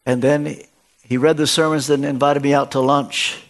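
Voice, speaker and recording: A man's voice: level tone, moderate pace. An older man preaching a sermon as a guest in a church, telling stories and acting out the dialogue in them. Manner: storytelling, acts out dialogue with shifts of pitch.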